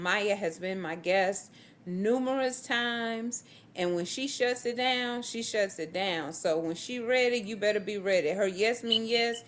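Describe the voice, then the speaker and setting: A woman with a Southern US accent hosting a relaxed, upbeat live-stream chat. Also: mid-range voice. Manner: relaxed and upbeat, slow-paced. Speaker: host.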